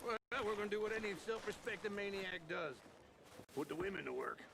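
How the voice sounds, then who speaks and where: A man's voice: sits high, lively intonation, brisk, vocal fry, a crowd in the background. An actor playing a lazy, joking old male outlaw who teases and boasts with a chuckling drawl, as video game dialogue. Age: older. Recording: game audio with loud hoofbeat noise. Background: horse hooves and wagon sounds.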